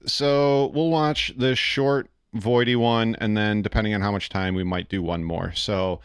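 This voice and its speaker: A man's voice: on the low side, fairly even intonation, measured pace, hardly any pauses, clean tone, dry recording, clean studio sound. A man hosting a casual reaction live stream, rambling and easygoing with lots of fillers and frequent laughter.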